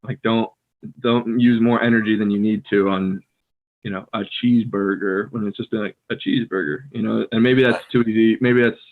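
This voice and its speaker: An American man co-hosting a casual language-learning podcast, talking in a relaxed way with lots of fillers. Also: lowish voice, brisk. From United States. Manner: relaxed, filler-heavy, playfully mimics others. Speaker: podcast co-host, English native speaker. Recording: tinny phone-like call audio.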